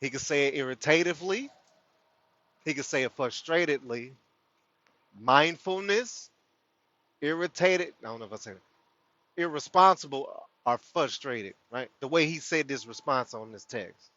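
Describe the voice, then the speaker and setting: This livestream host of a spiritual community speaks in an animated, pushed, bright medium-pitched voice, unhurried and with long pauses. He talks casually about spiritual topics to viewers, laughing often. The recording is dry, dull, and lo-fi.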